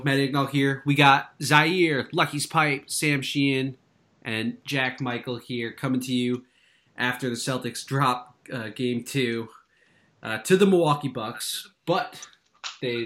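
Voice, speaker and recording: A man's voice: medium pitch, fairly bright tone. A man hosting a sports podcast, laying out the plan and welcoming listeners in an easygoing way. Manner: easygoing, organizing. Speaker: podcast host. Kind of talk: casual show intro.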